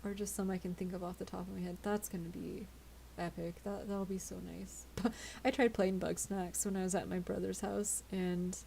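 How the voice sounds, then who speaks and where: Tired, giggly woman with a gravelly voice. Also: mid-range voice, steady tone, normal speed, few pauses, mellow, a little hiss or hum. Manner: chatty, giggly, stumbling over words. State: tired, yawning. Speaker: streamer. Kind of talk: casual live-stream chat with viewers.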